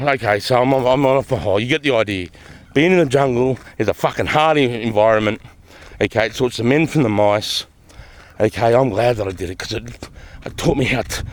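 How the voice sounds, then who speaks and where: A middle-aged man with an Australian accent, a former soldier vlogging in a blunt, swearing, emphatic way and repeating his points. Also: medium pitch. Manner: profane, emphatic, repetitive. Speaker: army veteran vlogger. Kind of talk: casual vlog talk.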